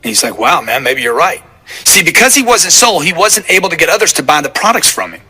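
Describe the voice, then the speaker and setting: A man narrates his own motivational audiobook with a hard, intense drive and a husky, slightly rough grain. He talks in short, punchy bursts and hammers his points home by repeating them. His voice sits a touch high for a man. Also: big pitch swings, fast talker, sharp tone. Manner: emphatic, punchy, repeats key points for force. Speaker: author narrating his sales book.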